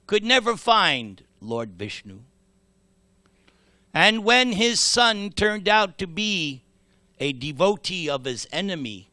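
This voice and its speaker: A man giving a temple sermon, telling a scripture story dramatically and slowly, with acted voices. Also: fairly high pitch, sharp tone, dry recording. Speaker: temple speaker.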